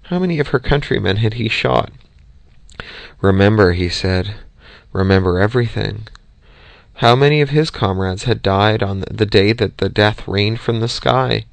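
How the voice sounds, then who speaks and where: Gravelly low-voiced man narrating an audiobook. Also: normal speed, hardly any pauses, dry recording. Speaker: audiobook reader.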